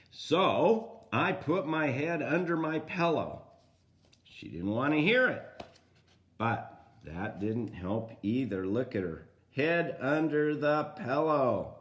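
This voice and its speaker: An older man reading a children's storybook aloud in a gentle way, stopping to talk to young listeners. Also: mid-range voice, sing-song, slow pace. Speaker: grandfather reading a picture book aloud.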